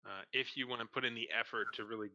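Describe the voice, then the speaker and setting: A man narrating as dungeon master, relaxed and hesitant, with many fillers. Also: medium pitch, quick pace, a little hiss or hum. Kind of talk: narrating a tabletop game. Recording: dull lo-fi mic.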